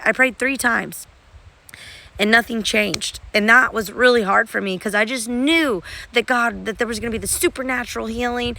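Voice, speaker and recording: Gravelly, bright-voiced woman. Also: mid-range voice. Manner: earnest, heartfelt, chatty with many fillers. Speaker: mission trip volunteer. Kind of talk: casual spoken testimony.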